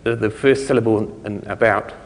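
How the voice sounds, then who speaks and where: In a lecture hall with a long, echoing reverb, a New Zealand man gives a conference talk. His fairly low voice is steady and a little fast, and he meanders with plenty of fillers, restarts and chuckled side comments.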